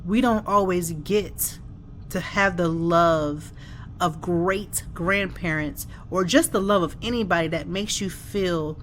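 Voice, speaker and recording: A woman's voice: on the low side, takes it slowly, slight background noise. A middle-aged woman hosting a solo podcast from her home office, speaking in an earnest, reflective, conversational way. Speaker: podcast host. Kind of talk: heartfelt solo podcast monologue.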